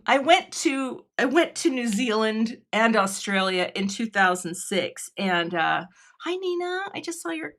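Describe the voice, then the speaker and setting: A woman's voice: mid-range voice, fairly bright tone. A middle-aged woman from Washington State hosting a live card-making demo, chatting with her viewers and laughing often as she works. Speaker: craft product designer hosting a livestream.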